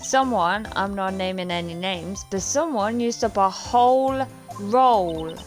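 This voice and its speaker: A woman voicing a brash, quick-tempered country woman photographer who scolds in a raised voice. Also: medium pitch, soft background music, lightly acted.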